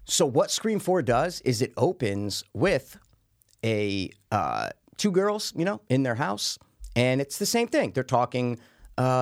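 A man in his thirties, co-hosting a casual movie discussion, ranting with animated swearing. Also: fairly high pitch. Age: 30s. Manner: animated, swearing, fast-building rants. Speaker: podcast co-host.

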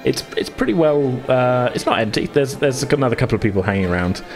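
A man's voice: medium pitch, animated, quick pace, faint music behind. A man running a tabletop game podcast as game master, talking casually with frequent chuckles and fillers.

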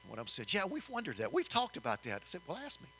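An older man telling a story in a sermon, folksy and animated, rising in emphasis. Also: sits high, racing, a little hiss or hum, rough recording. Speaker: preacher.

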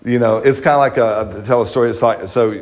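A man's voice: medium pitch, steady tone, quick pace. A middle-aged male pastor preaching a sermon in a conversational, joking way, often checking in with the congregation. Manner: conversational, jokey, repeats and restarts, asks the congregation questions.

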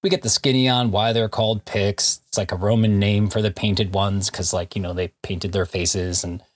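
Man, podcast co-host, low husky voice, jokey, laughs often, casual comic recap chat. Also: little pitch movement, moderate pace.

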